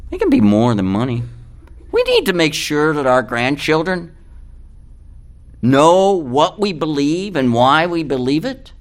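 An older man delivering a sermon, his voice sitting a bit higher than most men's. He preaches in a folksy, earnest way and reads scripture aloud. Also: huge pitch swings, measured pace. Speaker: pastor.

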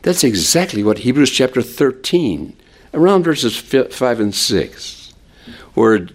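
Male preacher, lively rising and falling pitch, rhetorical questions, hushed low voice for quotes, sermon. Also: slow. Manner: animated, drops low and soft for quoted words. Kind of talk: expository sermon.

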